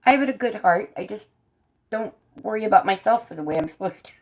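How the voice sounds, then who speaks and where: A woman's voice: mid-range voice, animated, fast talker. A woman with a faint Southern American accent, chatting casually to her livestream audience from bed while she colors, laughing often and answering the chat. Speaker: livestream host and artist. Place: bedroom, propped up in bed.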